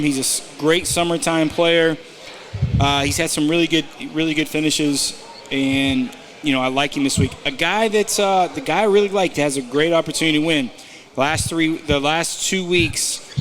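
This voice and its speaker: A man with a slightly high voice co-hosts a casual podcast and talks through his picks in a loose, rambling way. He often stops to restart a thought or fills a gap with a hesitant "uh". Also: a bit bright. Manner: rambling, with many fillers and restarts. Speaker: podcast co-host giving betting tips. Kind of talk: casual chat.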